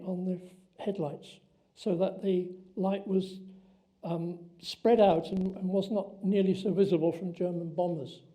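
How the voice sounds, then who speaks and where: Older man with a high, mellow voice. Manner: explanatory, hesitant with ums. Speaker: interviewee recalling wartime. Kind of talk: oral history reminiscence.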